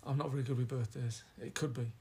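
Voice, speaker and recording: A man's voice: mid-range voice, fairly even intonation, quick pace, gravelly, mellow, a little hiss or hum. A man with a Yorkshire accent co-hosting a podcast, chatting casually in a rambling, teasing way. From Yorkshire, England. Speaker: podcast co-host. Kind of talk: casual chat.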